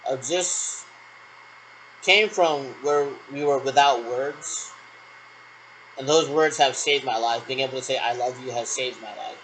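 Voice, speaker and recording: A man's voice: mid-range voice, measured pace, a bit bright, a little hiss or hum, poor audio. A man in a rambling solo monologue who repeats himself and answers his own questions.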